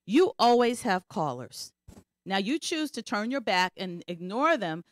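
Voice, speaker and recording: A woman's voice: mid-range voice, very animated, measured pace, no room sound, clean studio sound. A woman co-hosting a talk radio show, speaking emphatically and insistently. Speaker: radio co-host.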